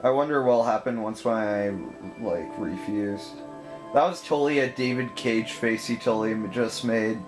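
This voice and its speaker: A man's voice: mid-range voice, normal speed, poor audio. A man hosting a gaming channel, giving casual, joking commentary in an offhand way while he plays. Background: game music.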